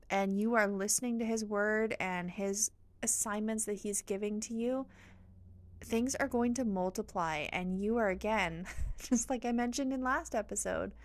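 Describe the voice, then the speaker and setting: A woman's voice: mid-range voice, dry recording. Woman podcaster, earnest and encouraging, mid voice, dry. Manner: encouraging, earnest, faith-infused. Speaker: podcast host. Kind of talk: motivational podcast monologue.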